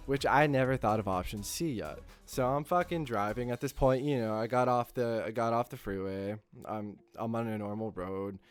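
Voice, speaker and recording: A man hosting his channel, telling a casual anecdote with constant swearing and lively acting out of his own lines. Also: medium pitch. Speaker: channel host.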